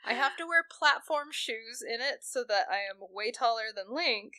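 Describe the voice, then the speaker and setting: A young woman co-hosts a podcast, telling a story in casual chat and laughing often. Her voice sits on the high side, with lively intonation and a moderate pace, and it sounds pushed and bright. The studio recording is clean, with no room sound.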